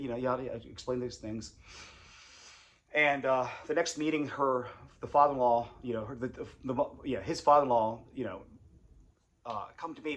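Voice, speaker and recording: A man's voice: medium pitch, lively intonation, moderate pace. A man and former congregation elder telling his story in a casual, confessional way, rambling and repeating phrases.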